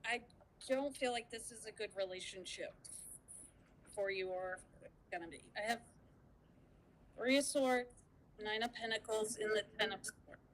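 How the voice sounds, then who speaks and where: A woman giving a tarot reading, speaking slowly and hesitantly as she feels her way through the cards. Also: medium pitch, a bit bright, a little hiss or hum, rough recording. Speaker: guest tarot reader.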